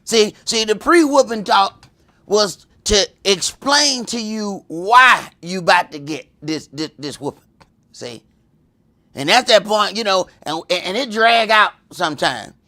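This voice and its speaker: A man teaching a religious class in a lively preaching style, telling stories and acting out voices, swinging from loud to hushed. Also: high voice, unhurried. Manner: animated, storytelling, acts out voices, swings from loud to whispered.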